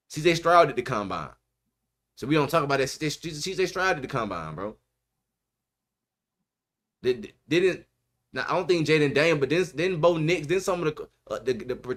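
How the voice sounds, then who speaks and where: A man hosting a podcast makes his case about football in an animated, emphatic way, with casual slang. His voice sits in a middle pitch. He leans hard on his points. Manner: emphatic, animated, repeats "bro" often. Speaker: podcast host. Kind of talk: casual sports debate. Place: podcast studio.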